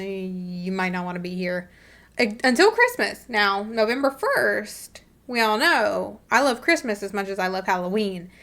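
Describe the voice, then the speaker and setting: A woman's voice: medium pitch, a bit bright. A young adult woman vlogging in a casual, chatty way, swearing freely and acting out quoted voices as she coaches her viewers. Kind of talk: casual talk to camera.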